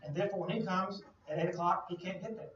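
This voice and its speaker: A man's voice: high-pitched, steady tone, fast talker, fairly bright tone, slight background noise. A man giving a classroom lecture, explaining with playful everyday analogies and questions to the class. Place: lecture hall. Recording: distant, echoey lo-fi classroom recording.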